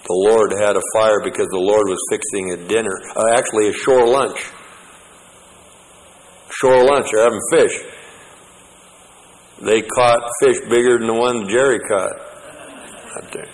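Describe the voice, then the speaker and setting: A man's voice: fairly low pitch, fairly even intonation, unhurried, pauses often, in a large hall, a little hiss or hum, rough recording. A man preaching a sermon, reading scripture aloud and adding plainspoken, folksy asides.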